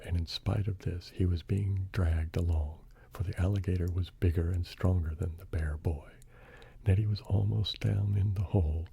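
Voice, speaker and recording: A man reading a bedtime story in a soft-spoken ASMR style, hushed and partly whispered. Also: deep voice, gravelly, breathy edge, dry recording.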